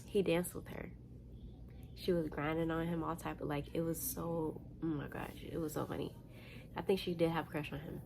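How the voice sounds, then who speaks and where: Lower-voiced woman telling a story, slangy. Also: normal speed, gravelly, noisy background. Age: young adult. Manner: animated, slangy, laughing storyteller. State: tired. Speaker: vlogger. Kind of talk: casual storytime.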